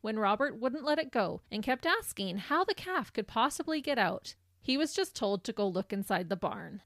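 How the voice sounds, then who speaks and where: A woman co-hosting a true crime podcast, reading the case in measured narration with a laugh now and then. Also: on the high side, sing-song, a bit bright, dry recording, studio quality. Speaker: podcast co-host.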